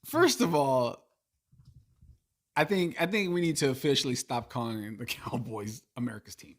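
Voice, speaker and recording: A man's voice: medium pitch, normal speed, a bit bright. A man on a podcast talking sports in a loose, slangy way. He teases and cracks jokes, laughing often. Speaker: podcast co-host. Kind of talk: casual sports chat.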